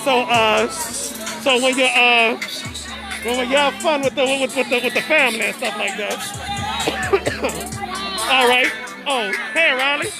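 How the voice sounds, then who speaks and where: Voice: high-pitched, a little slow, pauses often. A host streaming live from an outdoor family party, stammering and repeating words as they chat. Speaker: host of an online show. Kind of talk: casual live-stream commentary. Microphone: phone. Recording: outdoor party noise on a phone. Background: music and a chattering crowd.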